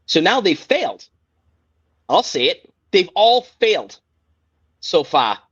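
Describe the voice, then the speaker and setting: A man's voice: high-pitched, very animated, slow pace, a bit bright, slightly rough. A man hosting a sports podcast, ranting in a heated, profane, exasperated way. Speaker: podcast host. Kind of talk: casual sports rant. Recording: dull lo-fi podcast audio.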